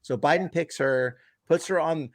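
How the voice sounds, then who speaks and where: A man's voice: on the high side, moderate pace, dry recording, clean studio sound. A man co-hosting a podcast, talking politics in a sardonic, dismissive way. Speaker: podcast co-host. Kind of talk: casual political chat.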